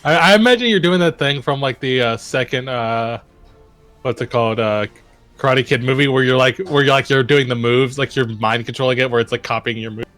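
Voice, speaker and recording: A man's voice: medium pitch, fairly quick, a bit bright, soft background music. A man playing a tabletop game, chatty and hesitant, often asking how the rules work. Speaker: player. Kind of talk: casual tabletop play.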